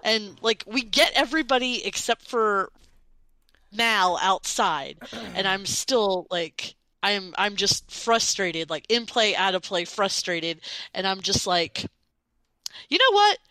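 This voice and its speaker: Animated woman host with a bright, slightly high voice, self-mocking storyteller, recorded dry. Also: slow, dry recording, low-quality recording. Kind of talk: casual storytelling chat.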